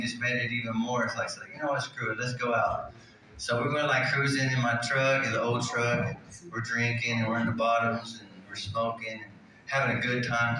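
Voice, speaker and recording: A man doing stand-up at an open mic, telling a loose, rambling story. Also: medium pitch. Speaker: stand-up comedian. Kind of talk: stand-up comedy. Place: comedy club stage. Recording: echoey club room, distant mic, crowd ambience.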